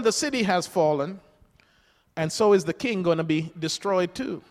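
An older man preaching a sermon to a congregation, emphatic, calling out questions and dropping between loud and soft. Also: high voice, animated, normal speed, long reverb tail. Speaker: pastor.

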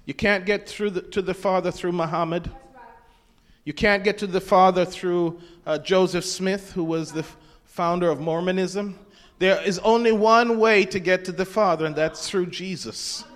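In a high, steady voice at normal speed, a man delivers a sermon. He asks questions of the congregation and cites scripture in King James phrasing, all captured with a hall's long reverberation.

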